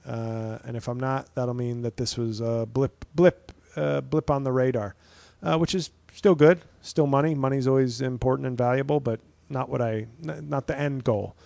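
A man's voice: mid-range voice, steady tone, moderate pace, gravelly, a little mellow, no room sound. A man in his thirties, a stand-up comedian hosting his own podcast, rambling through a profane, wry solo monologue.

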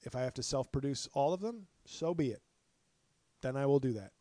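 A middle-aged male comedian with a hoarse, worn voice, talking in a profane, passionate solo podcast rant full of restarts. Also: medium pitch, expressive, brisk, dark tone, dry recording. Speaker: stand-up comedian and podcast host. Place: apartment.

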